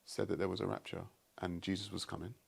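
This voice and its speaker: A man's voice: sits low, fast talker, creaky, breathy edge. A man, a guest commentator telling stories in casual conversation, wry and skeptical. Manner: wry, skeptical, animated storyteller.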